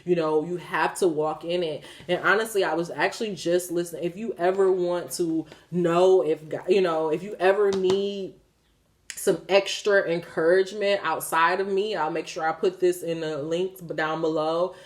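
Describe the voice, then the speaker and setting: A woman's voice: on the low side, normal speed. A woman in her thirties talking candidly to her viewers about faith, swearing freely and laughing as she goes. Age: 30s. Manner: profane, animated, laughing, talks straight to viewers. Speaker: spiritual vlogger. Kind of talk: candid spiritual talk to camera.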